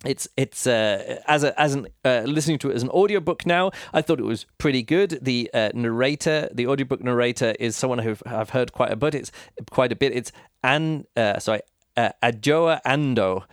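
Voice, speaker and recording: A man's voice: medium pitch, brisk, smooth, no room sound, studio quality. A man hosting a podcast, giving a casual spoken book review and thinking aloud with lots of fillers. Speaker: podcast host reviewing books.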